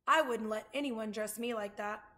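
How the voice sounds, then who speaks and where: A woman's voice: a little high, normal speed, a bit bright, close to an everyday voice. A woman reading aloud and voicing a teasing young boy who taunts a girl about her toy. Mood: taunting.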